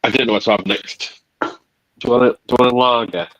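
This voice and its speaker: A man's voice: medium pitch, steady tone, fast, a bit bright, poor audio. A man co-hosting a podcast, talking hesitantly in a casual chat over beers. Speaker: podcast co-host.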